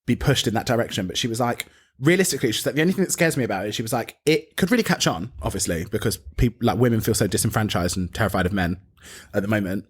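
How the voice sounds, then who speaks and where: A man's voice: on the low side, fast, slightly rough. A British man co-hosting a podcast, telling stories in casual chat, laughing often and acting out other people's voices. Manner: animated storyteller, laughs often, acts out voices. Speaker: podcast co-host.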